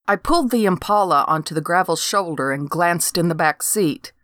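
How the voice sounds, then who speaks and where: A woman's voice: on the low side, normal speed, few pauses, fairly bright tone, no room sound. An older woman reading a first-person story aloud with dry, wry humor. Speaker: narrator.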